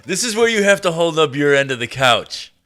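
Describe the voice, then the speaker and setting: A man with a deep voice hosting a podcast, talking casually with lots of swearing and laughter. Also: a little fast. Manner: animated, swearing, laughing often. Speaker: podcast host. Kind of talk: casual chat.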